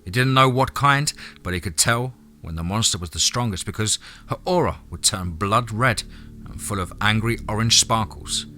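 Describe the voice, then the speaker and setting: A man's voice: lowish voice, normal speed, sharp tone, soft background music. A man reading an audiobook as narrator, telling the story steadily. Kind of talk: scripted narration.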